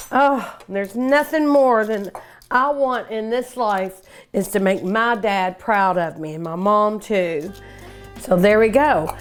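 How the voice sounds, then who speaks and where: An older woman hosting a cooking show, chatting and gushing enthusiastically while she eats. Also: a little high. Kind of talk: casual cooking show talk.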